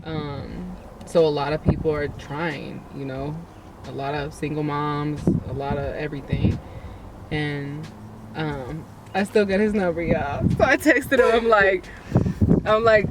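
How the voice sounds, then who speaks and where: A young woman, an interview guest and nursing graduate, telling her story in an animated, emotional way with frequent restarts. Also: sits low, a little slow, recorded from a distance, heavy background noise.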